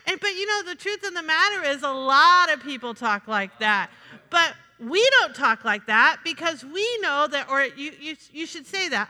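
A woman pastor preaching a sermon in a lively, chatty way, with asides to the congregation. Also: extremely high pitch, normal speed. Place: church sanctuary. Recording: reverberant church sanctuary.

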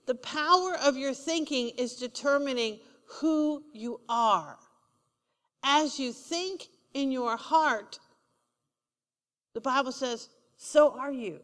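Speaking slowly in a high-pitched, fairly bright voice, a woman preaches with a big-room sound around her. Her delivery is emphatic and repetitive, returning to key lines and asking the congregation to respond.

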